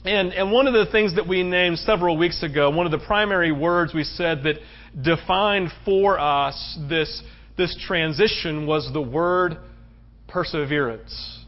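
A man's voice: fairly high pitch, measured pace. A male pastor from the United States preaching a casual sermon, often tossing in rhetorical questions. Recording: slightly muffled recording.

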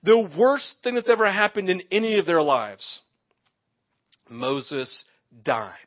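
Man, pastor, high voice, animated sermon, plays out quoted voices, muffled lo-fi sound. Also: takes it slowly. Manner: animated, acts out quoted voices, asks the audience questions.

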